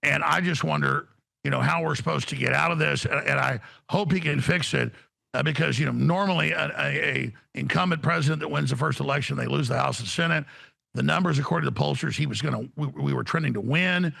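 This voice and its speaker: A man's voice: on the high side, quick pace, creaky, bright, forceful tone. A man who is a guest on a talk show, speaking over a remote video call in a rambling, stammering and emphatic way. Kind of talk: political talk show conversation. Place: remote studio.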